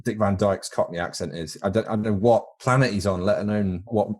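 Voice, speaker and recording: His voice is on the low side and darkish, and he talks fairly quickly with a British accent. Co-hosting a casual film podcast, he rambles and jokes, tripping over repeated words while thinking.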